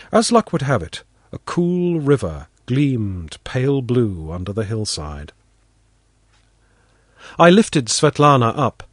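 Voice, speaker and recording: Slow, expressive male storyteller. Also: mid-range voice, no room sound, studio quality. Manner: expressive storytelling, voices the characters. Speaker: narrator. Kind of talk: scripted narration of a first-person story.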